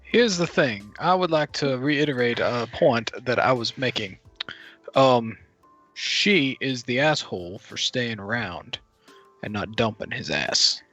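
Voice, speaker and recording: Blunt, rambling man at mid pitch. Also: expressive, a little slow, fairly bright tone, faint music behind. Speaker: podcast co-host playing a judge. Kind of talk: casual comic chat.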